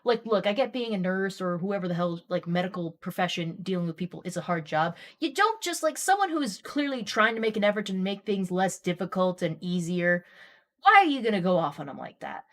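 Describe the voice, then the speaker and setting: A woman streamer chatting casually and telling a long story, getting animated and worked up as she rambles. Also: fairly low pitch, fairly quick.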